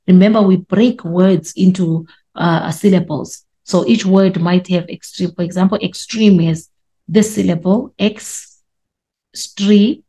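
A woman teaching a class, explaining slowly with repetition and stretched words for emphasis. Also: lowish voice, dark tone. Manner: explanatory, repeats points and drags out words for emphasis. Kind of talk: classroom lesson.

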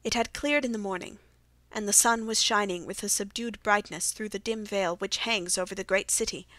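Woman, audiobook narrator, steady storytelling, middle pitch, dry studio sound. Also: moderate pace, dry recording. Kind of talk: scripted narration.

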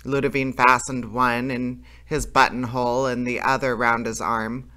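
Bright male storyteller reading a fairy tale aloud, unpolished, with small stumbles. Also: medium pitch, flat delivery, moderate pace. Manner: plain unpolished reading with small slips and self-corrections.

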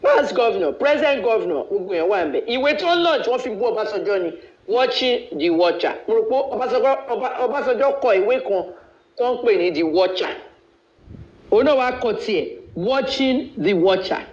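A man's voice: sits high, lively intonation, fast talker. A man from Nigeria hosting a live video, ranting in a blunt, boastful way and switching freely between languages. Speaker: live-stream host. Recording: echoey, dull live-stream audio.

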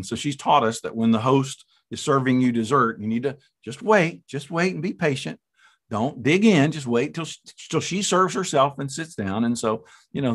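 A middle-aged man preaching as a guest speaker, telling a story with lively, laughing delivery. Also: mid-range voice. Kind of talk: storytelling sermon.

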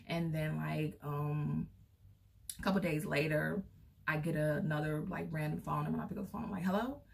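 A young woman vlogger tells a personal story casually and in a rambling way, filling the gaps with fillers. Her voice sits low, with a gravelly fry, and it sounds as if it is picked up from some distance away from the mic. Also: level tone, normal speed.

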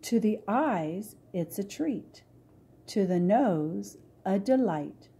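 A woman's voice: mid-range voice, expressive, slow, warm tone, husky, heavily acted. A woman reading aloud voices a kindly, motherly fairy in a storybook, reciting in a sing-song rhythm. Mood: playful.

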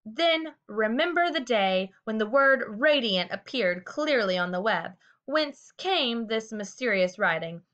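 A woman voicing a pompous male fair announcer who speechifies formally over a loudspeaker, in a storybook reading. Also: on the high side, animated, a little slow, hardly any pauses. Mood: grandiose. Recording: dull lo-fi recording.

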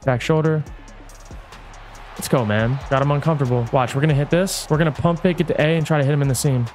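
A man giving hyped, excitable commentary on his own football video game play, coaching himself and yelling at big plays. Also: fairly high pitch, fast, soft background music. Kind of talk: hyped live gameplay commentary.

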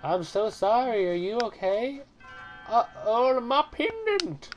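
A man doing a flustered high-voiced young girl. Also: sing-song, slow pace, soft background music, exaggerated voice. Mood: apologetic.

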